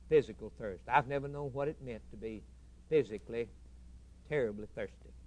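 A man preaching a sermon, building long repeated lists and swinging between loud emphatic lines and quiet, hushed ones. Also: mid-range voice. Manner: swells loud for emphasis, then drops to a hushed tone.

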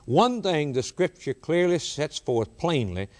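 A man preaching a sermon, rising in pitch to quote scripture and repeating key words for emphasis. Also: very animated, measured pace, darkish tone.

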